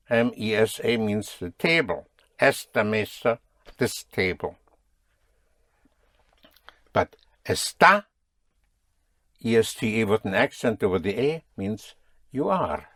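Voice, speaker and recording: A man's voice: fairly low pitch, fairly bright tone, no echo. A man teaching a spoken language lesson, patiently drilling and correcting his students.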